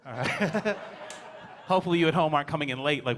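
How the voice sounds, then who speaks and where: A man's voice: on the high side, lively intonation, fast talker, fairly bright tone, slight background noise. A male headlining comedian doing a stand-up set on a club stage, wry and teasing the crowd.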